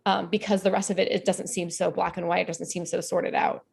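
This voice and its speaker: Casting: woman podcast co-host, gravelly fry in the voice, thoughtful delivery. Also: lowish voice, level tone, a little fast, a little mellow, a little hiss or hum. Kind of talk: casual discussion.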